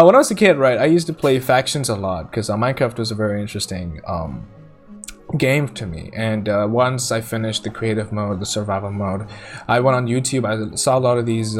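A man's voice: lowish voice, expressive, a little fast, faint music behind. A young man hosting a casual podcast, rambling through stories with frequent laughter and restarts. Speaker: podcast host.

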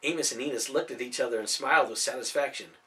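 A man narrating a storybook audiobook in an expressive, animated reading. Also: mid-range voice, quick pace.

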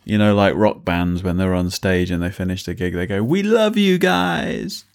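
A man's voice: deep voice, flat delivery, a little fast, darkish tone, smooth. A man co-hosting a podcast, chatting casually, laughing often and trailing off mid-thought. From England. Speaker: podcast co-host.

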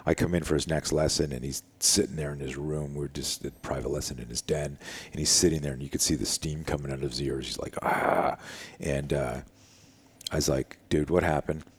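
An older man, a self-defense instructor, telling a story in an interview in a casual, animated way and acting out the dialogue. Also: a bass voice, fairly quick, husky. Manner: animated, acts out quoted dialogue, casual with frequent "dude" and "like".

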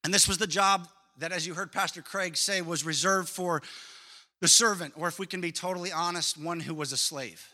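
A man preaching a sermon as a pastor, lively and emphatic, telling stories. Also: high voice, a little fast.

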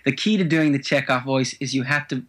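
A man's voice: mid-range voice, brisk, fairly bright tone. Guy actor on a podcast, chatty, laughs a lot telling his stories. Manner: chatty storyteller who laughs easily. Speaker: actor guest. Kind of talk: casual podcast interview.

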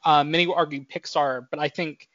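This podcast co-host, a man in his twenties, chats casually in a voice a bit high for a man, brisk and steady with a fairly bright tone. He rambles, pads with fillers and keeps restarting to correct himself. The audio is dry and slightly dull, with no room sound or echo.

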